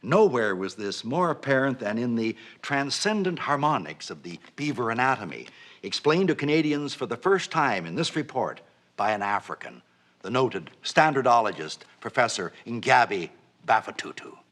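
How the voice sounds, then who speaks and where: A man's voice: medium pitch, sing-song, normal speed, fairly bright tone. A man narrating a mock documentary in a mock-serious scripted delivery.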